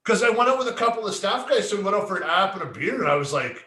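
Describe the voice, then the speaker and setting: A man with a high, expressive, sharp voice talks very fast with few pauses in an echoey room. Co-hosting a casual podcast, he tells stories full of swearing and acts out what people said.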